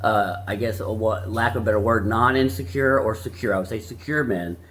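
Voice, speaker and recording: A man's voice: fairly low pitch, brisk, a bit bright, a little hiss or hum. Rambling, crude-talking man. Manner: loose and crude, with many restarts and asides. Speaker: vlogger summarizing a self-help book. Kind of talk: casual, rambling talk.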